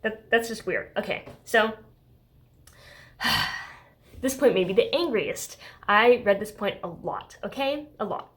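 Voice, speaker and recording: A woman's voice: mid-range voice, lively intonation, measured pace, pauses often. A woman reviewing a book in a casual vlog, talking in a heated, exasperated way with lots of "like" and "okay?".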